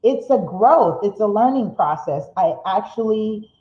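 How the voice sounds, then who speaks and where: A middle-aged woman hosting a live motivational show, seated, speeding up when excited and slowing to make a point, reading viewer comments aloud. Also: medium pitch. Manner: reads viewer comments aloud, laughs often. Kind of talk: live-streamed motivational talk. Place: seated indoors in a room. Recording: roomy, slightly dull live-stream audio.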